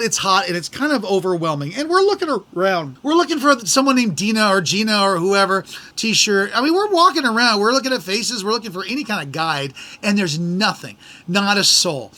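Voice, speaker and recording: A middle-aged American man hosting a podcast, telling a travel story in an animated, exasperated way and acting out the people in it. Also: high voice. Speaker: podcast host. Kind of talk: casual storytelling.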